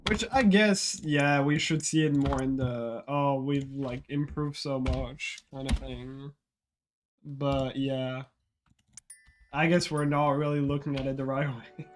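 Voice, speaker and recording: A man's voice: mid-range voice, fairly even intonation, takes it slowly, slight background noise. Rambling streamer man. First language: French. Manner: rambling, hesitant, many restarts. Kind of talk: casual live-stream chat, answering viewers.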